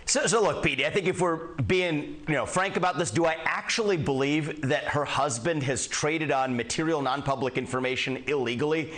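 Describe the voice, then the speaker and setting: A man being interviewed on a news show, explaining his view in an earnest, measured way. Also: fairly high pitch, fairly bright tone. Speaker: interview guest.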